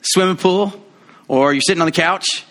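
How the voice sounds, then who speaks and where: A man preaching a sermon in a conversational, playful way, acting out quoted voices with big jumps in pitch. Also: moderate pace, a bit bright. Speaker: pastor.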